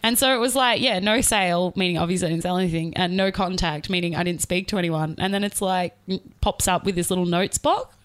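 A woman's voice: on the low side, fairly quick, few pauses. A young woman co-hosting a comedy podcast, telling stories in casual chat and laughing often. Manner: laughs often, animated storytelling. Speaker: podcast co-host.

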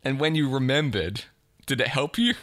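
A man co-hosting a podcast, chatting casually with dry, deadpan teasing. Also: medium pitch, normal speed, no room sound. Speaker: podcast co-host. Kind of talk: casual chat.

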